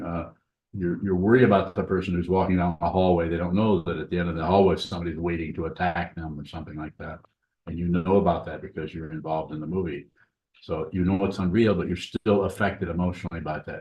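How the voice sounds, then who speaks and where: A man's voice: sits low, darkish tone. A man teaching as a Zen teacher, giving a dharma talk and answering questions in a plain, repetitive, conversational way.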